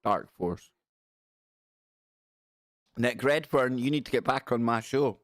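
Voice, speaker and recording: Speaking at a moderate pace with fairly even intonation, a man in his forties hosts a casual live stream in a mid-range voice. He jokes, rambles, and reads viewer messages, all in a dry, studio-quality recording.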